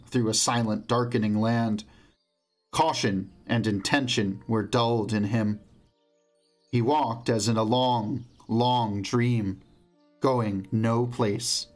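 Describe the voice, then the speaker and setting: Guy reading a fantasy book aloud, mid pitch, measured and slow in the tense bits, faint music behind. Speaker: audiobook reader. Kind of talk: audiobook narration of a fantasy novel. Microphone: omnidirectional mic.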